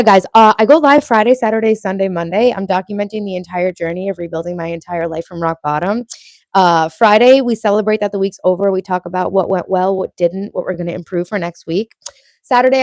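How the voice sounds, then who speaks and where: A woman's voice: mid-range voice, fairly quick, darkish tone, no echo. Brash chatty woman in her late thirties. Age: late 30s. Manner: reads viewer comments aloud and answers them, brash and chatty, swears freely. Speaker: livestream host. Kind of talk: casual livestream chat.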